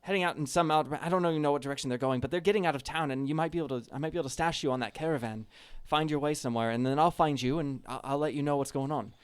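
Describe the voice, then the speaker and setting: A man's voice: smooth, close to an everyday voice. A man voicing a fierce, loyal young half-elf alchemist woman, trying a Cockney accent that keeps slipping toward Welsh and stumbling over his words. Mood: urgent. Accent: wavering put-on Cockney drifting toward Welsh. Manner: halting, falsetto-ish, stumbling over words.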